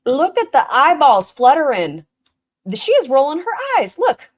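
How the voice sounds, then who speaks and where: A woman's voice: high voice, huge pitch swings, a little slow. A woman hosting a stream, giving snarky, mocking commentary on a video. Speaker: stream host reacting to a video. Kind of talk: casual commentary.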